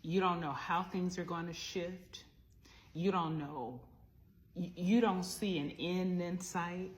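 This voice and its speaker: A middle-aged woman tells a personal story from her life. Her voice sits low, and she takes her time. She speaks in a heartfelt, reflective way and breaks in with small asides. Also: slow. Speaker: vlogger.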